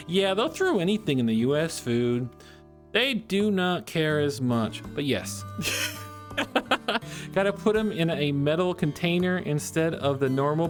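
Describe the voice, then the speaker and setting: A man chatting playfully with his live-stream chat, joking and drawing as he talks. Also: on the high side. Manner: playful and goofy, jokes with chat.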